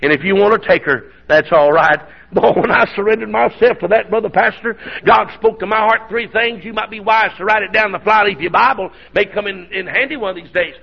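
A middle-aged preacher with a sore throat tells a homespun story in a high, husky voice that turns gravelly at the edges. He talks quickly with hardly any pauses, swinging from a hushed, folksy drawl to hollering praise. The recording sounds dull and lo-fi.

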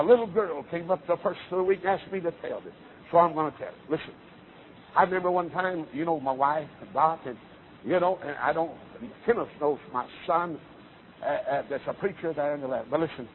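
A man preaching a revival sermon, telling stories with many fillers and rising to fervent shouts. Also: on the high side, a little hiss or hum. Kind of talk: Southern revival sermon storytelling. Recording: tinny lo-fi phone-like sermon recording.

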